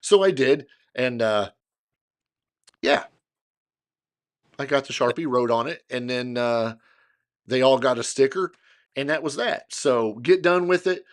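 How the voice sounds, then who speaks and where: Middle-aged guy on a podcast telling a story, average pitch, acts out the other people's bits, pretty animated. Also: a little slow, pauses often. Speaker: podcast co-host. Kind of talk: casual storytelling chat.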